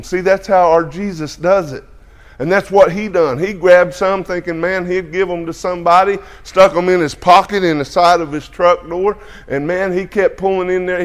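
A man preaching a testimony to a congregation, folksy and full of amens. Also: on the high side. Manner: folksy, peppers speech with "amen" and "hallelujah".

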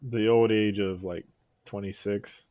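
A man's voice: on the low side, fairly even intonation, a little slow, dark tone, no echo. A man co-hosting a podcast, teasing and laughing through casual banter. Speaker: podcast co-host. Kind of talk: casual chat.

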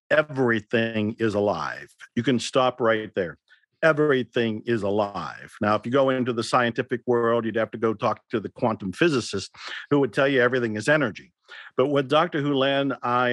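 A man's voice: mid-range voice, dry recording, studio quality. A man, an author and teacher, answering interview questions earnestly and telling stories with acted-out quotes.

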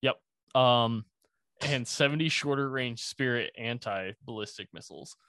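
Young guy, easygoing podcast rambler, laughs mid-sentence, mid-pitched, dry close mic. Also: a bit bright, no echo. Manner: rambling, laughs while explaining, swears casually. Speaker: presenter of a conspiracy topic. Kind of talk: casual podcast chat.

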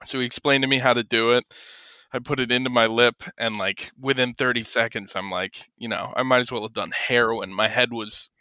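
A man in casual chat, telling a story in a relaxed, self-deprecating way. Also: mid-range voice, fairly quick, clean tone, dry recording, highs cut off.

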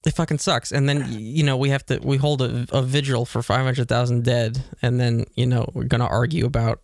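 A man with a gravelly edge rambles through an exasperated rant as podcast co-host. He piles up fillers and restarts. The sound is close and dry, with no room around it. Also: mid-range voice, level tone, a little fast, dry recording. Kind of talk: casual chat.

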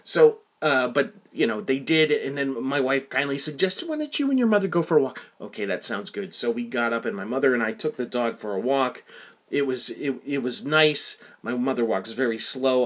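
A middle-aged man hosting his own podcast, telling a rambling story full of restarts and acted-out quotes. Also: medium pitch. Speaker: podcast host. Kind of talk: casual podcast monologue and phone chat.

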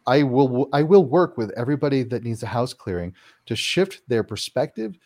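A man being interviewed, answering in an expressive voice with a wide, lively pitch range. He acts out the reactions he describes in quick voiced asides. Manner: animated, acts out quoted reactions with big pitch jumps. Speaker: paranormal house-clearing practitioner, guest.

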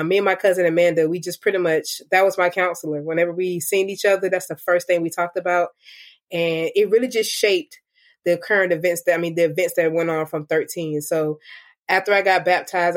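A young woman giving a candid personal testimony in an interview, reflective and full of "like" and "um". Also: lowish voice. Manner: candid and reflective, with many "like" and "um" fillers. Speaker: interview guest. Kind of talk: personal testimony, casual storytelling.

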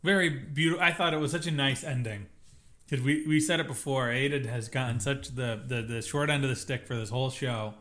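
A man's voice: medium pitch, a little fast, fairly bright tone. A man with a mid-range voice trades views on a drama series with his podcast co-host. He talks in an easy, opinionated way and often stops and restarts his sentences as he works out what he means. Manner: opinionated, thinks aloud with restarts. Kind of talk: casual TV recap chat.

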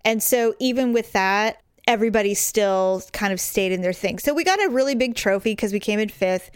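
A middle-aged woman co-hosting a show, telling stories in casual chat, candid and animated with blunt swearing. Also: mid-range voice, fairly quick, clean tone, no room sound, clean studio sound. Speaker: podcast co-host.

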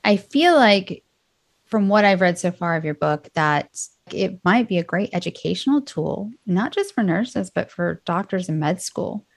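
Low gravelly-voiced woman podcast host. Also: animated, a little slow, no room sound. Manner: warm-hearted, openly emotional, conversational. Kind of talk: podcast interview.

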